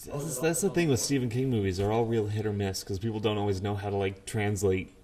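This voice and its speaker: Male podcast co-host, slightly low voice, relaxed and agreeable. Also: fairly quick, a crowd in the background. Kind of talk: casual chat.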